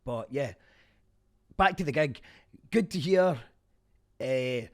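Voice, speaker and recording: A Scottish man in his younger adult years, talking through a concert review in a loose, conversational way. His voice sits at an ordinary middle pitch, and he drops the odd dry, wry joke as he goes. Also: lively intonation, takes it slowly. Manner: chatty, wry asides. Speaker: podcast host. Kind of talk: casual spoken review.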